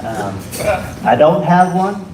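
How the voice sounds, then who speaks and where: A man doing an open mic stand-up set in a rambling, halting way with deadpan asides. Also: high voice, noisy background. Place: bar comedy room. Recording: echoey room, distant mic.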